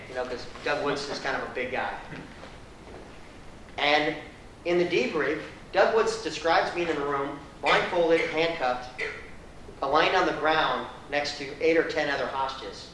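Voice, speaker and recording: A man gives an animated, conversational lecture to a live audience, quizzing them and tossing in blunt, sarcastic asides. His voice is bright and forceful, a touch high. He is picked up from a distance in a very echoey room with faint noise underneath. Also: moderate pace. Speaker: guest speaker.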